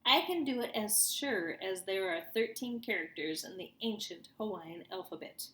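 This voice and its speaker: A woman's voice: mid-range voice, lively intonation, moderate pace, fairly bright tone, lightly acted. A woman voicing a know-it-all young schoolboy genius who is cocky and rattles off facts. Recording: roomy echo.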